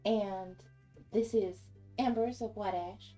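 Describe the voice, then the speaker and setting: A gracious, formal noblewoman minister in a tabletop game, played by a woman in a near-natural voice. Her tone is mellow. Faint music plays underneath. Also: mid-range voice, steady tone, slow pace, close to an everyday voice.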